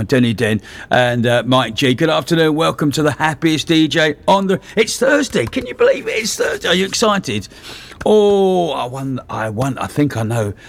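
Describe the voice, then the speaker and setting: A male radio DJ presenting his afternoon show in a playful, excitable, teasing way. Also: medium pitch.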